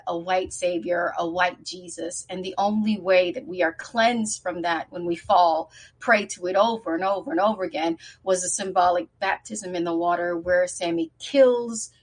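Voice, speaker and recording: A woman's voice: on the low side, poor audio. A woman on a podcast panel, talking with passion and building one point on another as she breaks down a film's symbolism. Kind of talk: casual discussion.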